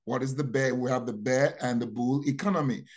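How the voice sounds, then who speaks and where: A man preaching a sermon, repeating key phrases and asking rhetorical questions, dropping to quiet asides then rising to loud proclamations. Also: steady tone, a little fast. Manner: dramatic, swings from low asides to loud proclamations.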